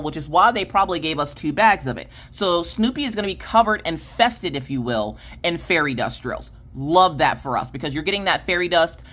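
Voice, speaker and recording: A woman hosting a craft unboxing video, chatting casually and excitedly and correcting herself as she goes. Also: deep voice.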